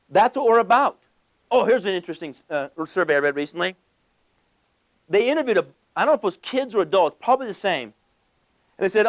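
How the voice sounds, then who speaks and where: High-voiced animated male motivational speaker. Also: quick pace, long pauses. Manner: animated, acts out little scenes with voices; asks the audience questions. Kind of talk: motivational talk to a live audience.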